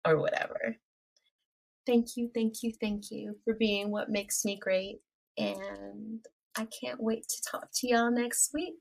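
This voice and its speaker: A woman's voice: a little high, fairly even intonation, slow, gravelly. A middle-aged woman with a Mid-Atlantic US accent, hosting her own vlog and telling stories to the camera in a chatty way, laughing and talking straight to her viewers. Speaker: vlog host. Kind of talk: casual storytelling to camera.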